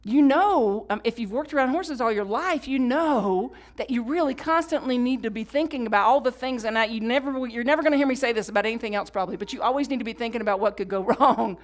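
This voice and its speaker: A woman's voice: fairly high pitch, fast talker, hardly any pauses. Woman pastor giving a sermon with dynamic swings into whispers, plus call-and-response and conversational asides. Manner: swings from loud emphatic lines to hushed whispers; leads the congregation in call-and-response.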